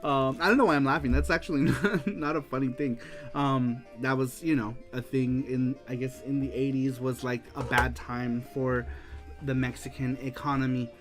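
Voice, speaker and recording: A man's voice: mid-range voice, moderate pace, over music. A man hosting a casual retro game livestream, reading viewer answers aloud with frequent laughter. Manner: animated, laughs often, reads aloud.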